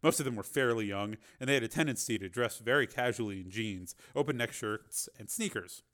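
A man's voice: medium pitch, fairly quick, a bit bright. A man narrating a novel as an audiobook, reading steadily with the odd filler.

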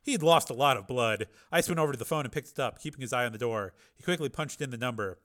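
A man reading a crime novel aloud, lively, with small slips and corrections. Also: mid-range voice, fast. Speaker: reader.

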